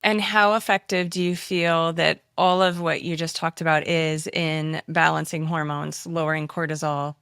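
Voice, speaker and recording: A woman's voice: low voice, level tone, normal speed, hardly any pauses, a bit bright, clear, resonant tone, no echo, clean studio sound. A woman podcast host asking her guest questions and reading a passage aloud. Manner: asks questions, reads aloud from a book. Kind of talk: interview conversation.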